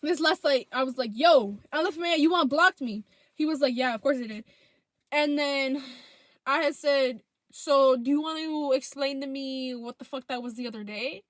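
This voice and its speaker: A woman's voice: high voice, moderate pace, no echo, studio quality. Profane young woman telling a story. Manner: profane, animated retelling of texts. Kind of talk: casual storytime vlog.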